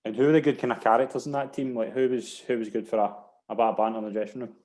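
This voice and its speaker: Scottish host firing off questions quick, mellow darkish voice. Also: male voice, mid-range voice, fairly even intonation. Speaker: podcast host. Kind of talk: interview questions.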